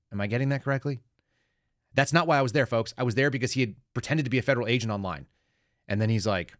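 A man's voice: on the low side, no echo, studio quality. A man hosting a podcast, telling a story in casual commentary and acting out both sides of a conversation. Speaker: podcast host.

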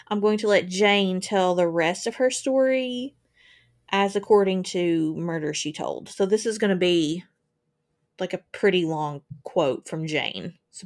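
A woman reading a true crime case aloud on a podcast. Her delivery stays casual and conversational, and she voices long first-person accounts between asides. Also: lowish voice. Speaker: podcast co-host.

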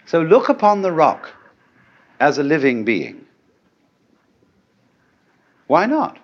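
A man's voice: a little high, huge pitch swings, slow pace. A middle-aged man giving a conversational philosophical lecture, musing aloud and asking rhetorical questions. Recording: dull lo-fi archival lecture tape.

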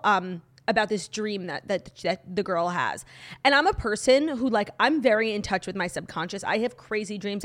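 A woman co-hosting a casual podcast, her voice a little hoarse from a long night. She talks in gushing, chatty runs full of "like" fillers, at an ordinary middle pitch. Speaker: podcast co-host. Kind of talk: casual chat.

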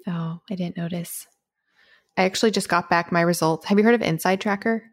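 A woman's voice: lowish voice, fairly quick. A woman co-hosting a podcast in casual chat, talking in a rambling way with many fillers. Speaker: podcast co-host.

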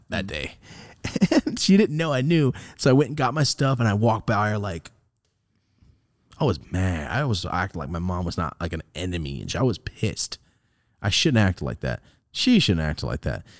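Low-voiced man telling a wild story. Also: normal speed, no echo, clean studio sound. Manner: animated, swings between loud high bursts and low muttering. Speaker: podcast host. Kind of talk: casual storytelling.

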